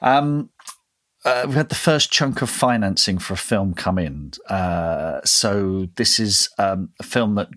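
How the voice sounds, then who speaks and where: A man's voice: low voice, measured pace, fairly bright tone. A man co-hosting a writing podcast, chatting in a rambling way with frequent laughs and restarts. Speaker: podcast co-host. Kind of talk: casual podcast chat.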